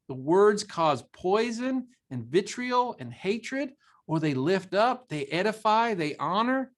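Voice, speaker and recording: A man co-hosting a motivational talk show, speaking emphatically, quoting scripture and repeating phrases for emphasis. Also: high-pitched. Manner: emphatic, preachy, quotes scripture.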